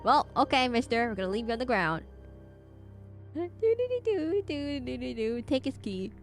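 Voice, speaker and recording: A woman with a fairly high voice talking through a horror game, reading the on-screen text aloud and dropping wry, offhand remarks. Quiet game music runs underneath. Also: sing-song, takes it slowly. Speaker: gamer playing a horror game. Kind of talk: casual let's-play commentary. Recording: faint game music behind.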